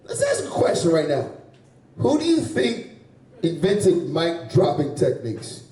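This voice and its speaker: Crude comedian in an echoey bar. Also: male voice, on the high side, wildly swooping pitch, unhurried, dark tone. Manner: loose, crude, laughing at his own jokes. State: sweating. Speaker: stand-up comedian. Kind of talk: stand-up set at an open mic. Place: small bar or club with a live audience. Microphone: handheld stage mic. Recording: echoey room from far off.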